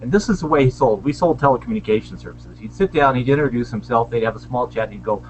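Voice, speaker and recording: A man's voice: mid-range voice, quick pace, darkish tone, faint music behind, poor audio. A man on a panel, chatty and self-deprecating, giving sales tips in a casual video call discussion. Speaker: panelist, small business owner. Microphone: video call webcam.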